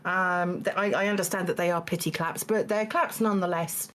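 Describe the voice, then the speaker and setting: A woman hosting a live-streamed game show, talking in a halting way with lots of fillers and small laughs. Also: fairly low pitch, fairly even intonation, fairly bright tone. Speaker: Taskmaster host.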